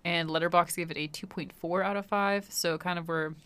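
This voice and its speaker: A woman's voice: lowish voice, fairly even intonation, a little fast, fairly bright tone, smooth. A young woman co-hosting a podcast, chatting casually about a film with a dry, matter-of-fact manner and reading out review scores. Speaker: podcast co-host.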